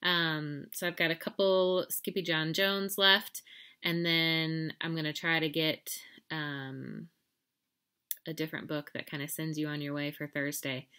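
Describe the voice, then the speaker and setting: A woman teacher talking casually to her class, full of ums and reminders, before reading a storybook aloud. Her voice sits a little low yet sounds bright and forward. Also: flat delivery, measured pace, clean tone. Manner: casual, many filler ums, friendly reminders. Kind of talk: class announcements and read-aloud.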